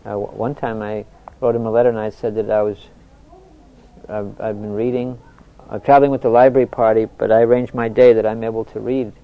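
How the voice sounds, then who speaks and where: A soft-spoken older man, a spiritual teacher telling anecdotes in a reflective talk, often restarting his sentences. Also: fairly low pitch, level tone, brisk. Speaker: spiritual teacher answering questions. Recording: dull lo-fi recording.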